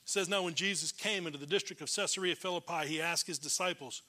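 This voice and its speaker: A man preaching a sermon as a pastor, emphatic, swinging between loud declarations and hushed low lines. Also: quick pace, few pauses.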